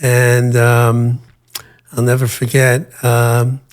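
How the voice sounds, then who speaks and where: Older guy telling his story in an interview, slow and thoughtful, lots of uh and um, ordinary mid pitch. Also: completely flat delivery, clear, resonant tone. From United States. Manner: measured, with frequent hesitations and fillers. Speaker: interview guest.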